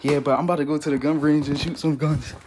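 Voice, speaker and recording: A man chatting casually in a vlog, using loose slang and sounding hurried. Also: a little high, level tone, noisy background. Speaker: vlogger.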